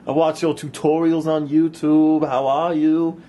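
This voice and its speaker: A man voicing a young female fan who is eager and clingy, in a sugary falsetto. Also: level tone, unhurried, mellow. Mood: gushing.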